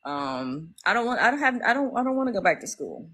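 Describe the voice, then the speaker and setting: A woman's voice: mid-range voice, big pitch swings, fairly quick, fairly bright tone, rough recording. A middle-aged woman, hosting a casual livestream and talking emotionally to her viewers. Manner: emotional, talks straight to viewers as y'all. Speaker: livestream host.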